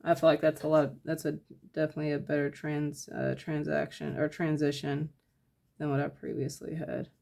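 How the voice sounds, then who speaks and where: A woman giving a casual step-by-step painting tutorial, talking her process through in a relaxed, thinking-aloud way with lots of fillers. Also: deep voice, normal speed, gravelly. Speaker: painting instructor.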